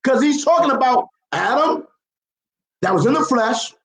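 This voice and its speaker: A man's voice: very high voice, animated, moderate pace, a bit bright, echoey room, poor audio. A man in a heated religious debate, quoting scripture and repeating his points insistently.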